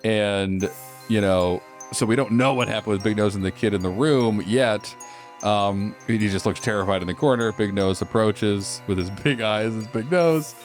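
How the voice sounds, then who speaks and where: A man co-hosting a casual podcast, animatedly pitching a movie plot and laughing often. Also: normal speed, faint music behind. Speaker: podcast co-host. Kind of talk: casual movie brainstorm chat.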